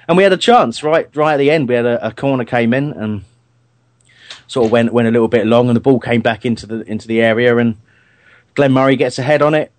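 A man's voice: medium pitch, fast. A man hosting a casual radio show, rambling through a football match review with many fillers and restarts.

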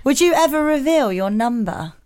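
A woman's voice: high-pitched, lively intonation, moderate pace, a little mellow, a little hiss or hum. A woman co-hosting a podcast, reading listener emails and chatting bluntly and cheekily, swearing freely. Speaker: podcast co-host.

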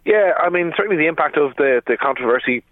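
A man's voice: fairly high pitch, animated, fast talker, no echo. A man with an Irish accent, a political editor speaking down a phone line on a radio show, explaining steadily with many fillers and restarts.

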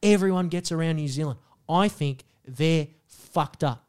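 Young Australian co-host, high voice, swearing mock rant, casual banter. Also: male voice, a little slow, a little mellow, clear, resonant tone. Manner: ranting, heavy swearing, mock outrage. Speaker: podcast co-host.

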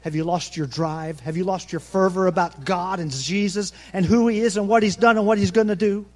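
Nervous pastor preaching, folksy and loud. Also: male voice, high-pitched, fairly even intonation, fairly quick. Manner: preaching with big swings from soft asides to loud proclamation; folksy, self-deprecating asides. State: nervous, talking fast. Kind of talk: sermon.

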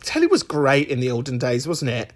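Chatty host with a lively, bouncing voice. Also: male voice, mid-range voice, fairly quick. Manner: chatty, camp, laughs often. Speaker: podcast host. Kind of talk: casual chat.

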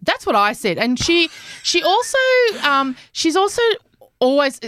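A middle-aged woman co-hosting a casual podcast chat, telling camp, animated stories and acting out her family's voices. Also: high-pitched, measured pace, no echo. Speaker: podcast co-host.

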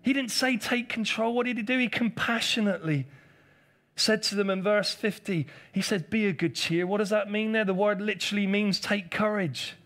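High-voiced man preaching emphatically. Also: moderate pace, fairly bright tone. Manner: emphatic and repetitive, drilling key phrases; addresses the congregation directly, calls for responses and teases members. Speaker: pastor. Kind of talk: preaching a live sermon. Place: church, before a congregation.

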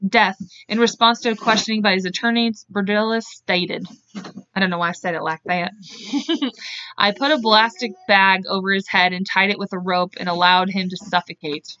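A woman co-host reads through a true-crime case in a casual way, often tripping over words and laughing at her own slips. Her voice is bright and sharp, and the recording is dry and a little dull, like a lo-fi home setup. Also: mid-range voice, no room sound. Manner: reads notes aloud, trips over words and laughs at herself. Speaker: podcast co-host.

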